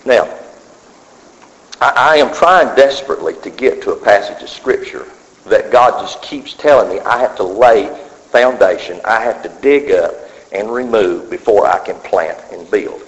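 A male pastor preaching a sermon, swinging from loud declarations to hushed whispers. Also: fairly low pitch, moderate pace. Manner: preaching with sudden drops to a whisper. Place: church sanctuary. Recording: dull sound with long hall reverb.

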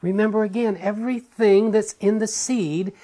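A man's voice: sits high, steady tone, moderate pace, mellow. Earnest man preaching a sermon. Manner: earnest, emphatic, repeats phrases for stress.

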